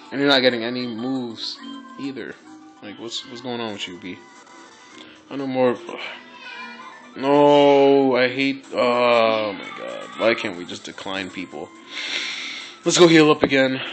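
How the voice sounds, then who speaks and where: A man giving casual, excitable gameplay commentary, swearing, laughing and repeating phrases. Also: on the low side, low-quality recording.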